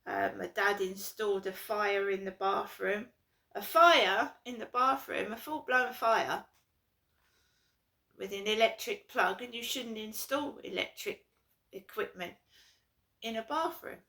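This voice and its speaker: A woman's voice: mid-range voice, measured pace, vocal fry, a bit bright. A woman from London, ranting in an aggrieved, repetitive vlog monologue. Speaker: vlogger. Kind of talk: casual to-camera monologue.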